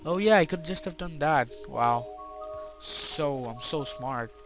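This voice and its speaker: A young man giving excitable gameplay commentary, talking to himself and to his in-game horse. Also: on the high side, slow, music in the background. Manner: excitable, talks to himself and his horse, frequent mild swearing. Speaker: gaming video creator.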